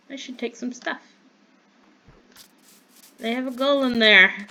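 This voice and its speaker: Slow-talking woman rambling over gameplay. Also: on the high side, sharp tone, low-quality recording. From Southern United States. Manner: rambling, chatty, easily startled. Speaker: gamer. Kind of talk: casual Minecraft commentary.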